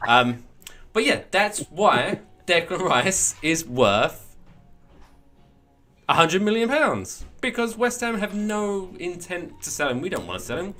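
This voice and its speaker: A man co-hosting a podcast, talking in a rambling, animated, storytelling way. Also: high voice, a little slow, soft background music. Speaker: podcast co-host. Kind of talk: casual chat.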